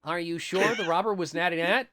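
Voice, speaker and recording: A man voicing an earnest, clever ten-year-old boy detective in a higher boyish voice, in a comic read of a kids' book. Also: brisk, a crowd in the background, close to an everyday voice.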